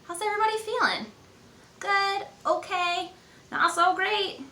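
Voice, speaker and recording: A woman's voice: very high-pitched, fairly even intonation, a little slow, bright, forceful tone, slight background noise, full character voice. A young woman playing Jane and leading children through a movement and mindfulness lesson in an upbeat, encouraging way. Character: cheerful young woman adventurer, friendly guide. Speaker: kids' movement and mindfulness instructor. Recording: echoey room, faint ambience.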